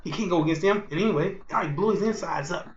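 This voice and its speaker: A man preaching a fiery street sermon, repeating himself and jumping between loud outbursts and low murmurs. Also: racing, dull audio, a little hiss or hum. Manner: repetitive, rhetorical, keeps asking "you see".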